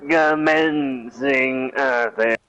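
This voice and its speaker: Dude doing a drunk robot lantern, slow monotone stumbly beeps, dull lo-fi audio. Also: male voice, medium pitch, clear, resonant tone. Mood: robotic. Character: drunk robotic lantern device, stiff and clumsy.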